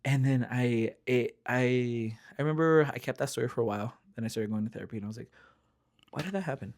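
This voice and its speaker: A man hosting a casual podcast chat, telling stories in an animated, slangy way. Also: mid-range voice, quick pace.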